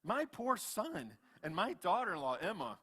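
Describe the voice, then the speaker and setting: A man in his fifties, a pastor preaching a sermon in church, swinging between loud animated retellings and quiet asides. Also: sits high, normal speed, breathy edge. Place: church sanctuary.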